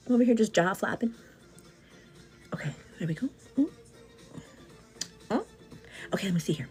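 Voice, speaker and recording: Husky, lively-voiced woman chatting to viewers. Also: on the high side, moderate pace, long pauses, faint music behind. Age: 30s. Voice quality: energetic, hyperactive delivery. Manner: chatty, calls viewers "girl", answers comments. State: a bit out of breath. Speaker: beauty livestream host. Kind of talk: casual livestream chat.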